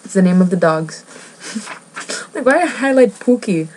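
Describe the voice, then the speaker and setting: With lively intonation and a slightly slow, mellow mid-range voice, a woman vlogger reads from a book while chatting, giggling, rambling and cutting herself off. The rough recording has a little hiss or hum.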